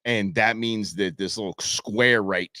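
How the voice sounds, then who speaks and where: Animated male live-show host, dry sound. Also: on the low side, a little slow, no room sound. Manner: animated storyteller acting out quotes. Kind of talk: casual live-stream monologue. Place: home studio at a computer.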